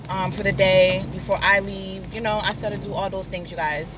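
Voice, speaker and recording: A woman's voice: medium pitch, flat delivery, a little fast, distant mic, background noise. A young woman, a single mom, vlogging outdoors in the rain, unwell and emotional, venting her frustration and then encouraging her viewers. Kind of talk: casual vlog monologue. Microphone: phone held while recording.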